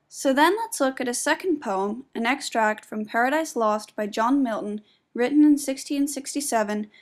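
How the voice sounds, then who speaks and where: A young woman reading a spoken essay aloud in a measured, explanatory way, presenting her own analysis of poetry. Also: on the high side. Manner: measured and explanatory, stressing syllables when demonstrating meter.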